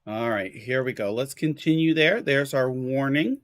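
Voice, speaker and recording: A man's voice: mid-range voice, normal speed, no echo. A man live-streaming a video game, chatting casually with viewers, exclaiming at the graphics and apologizing for hiccups.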